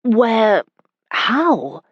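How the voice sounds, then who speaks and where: A woman's voice: on the high side, sing-song, extremely slow, slightly rough, no echo, muffled recording, voice pushed up, full character voice. A woman reading an audiobook voicing a spirited young noble bride who teases her husband, in a lifted, playful delivery. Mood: startled.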